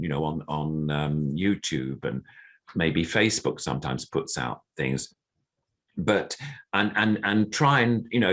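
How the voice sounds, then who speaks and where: A man's voice: deep voice, a bit bright. An older man, a veteran puppeteer, explaining his craft in an interview over a computer video call and now and then demonstrating little puppet voices. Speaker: puppeteer guest.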